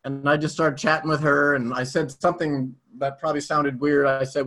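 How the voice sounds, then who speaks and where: A man as an interview guest telling a personal story in a casual, animated way. He swears freely. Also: on the high side, normal speed.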